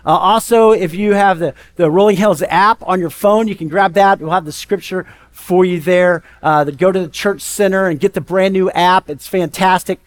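A male pastor preaching a sermon in a conversational, lively storytelling way. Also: sits high, normal speed, hardly any pauses.

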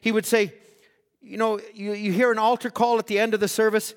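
A man preaching a sermon, swinging from loud exhortation to hushed, acted-out quotes. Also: high-pitched, flat delivery, a little fast, clean tone. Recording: long hall reverb.

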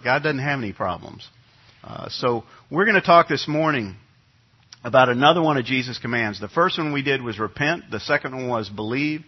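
Folksy, slightly husky middle-aged pastor. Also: male voice, mid-range voice, lively intonation, moderate pace, lo-fi sound. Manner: conversational, folksy storytelling with many restarts. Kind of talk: sermon with personal anecdote. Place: church sanctuary.

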